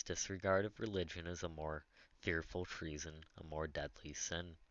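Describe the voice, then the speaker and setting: A man reading a classic novel aloud as an audiobook narrator, slow and measured. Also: deep voice, bright, forceful tone, dry recording. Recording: dull lo-fi dry recording.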